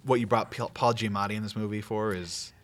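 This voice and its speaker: A man with a lowish voice talks fast in casual chat. He retells movie scenes in a rush, dropping in quick quoted lines. The talk stays loose and conversational. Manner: rapid, animated retelling with laughs and quoted lines.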